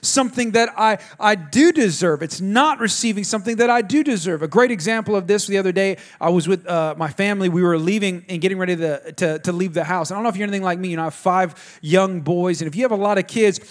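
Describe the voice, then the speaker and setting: A man's voice: sits high, fast, few pauses. A man, preaching a sermon in a conversational way, telling family stories and talking to the congregation directly. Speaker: pastor.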